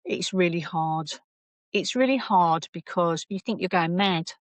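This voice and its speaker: A woman's voice: on the low side, unhurried, dry recording. A woman, a podcast guest telling her own story candidly, acting out what people said, with many restarts. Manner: animated, acts out quoted voices, many restarts.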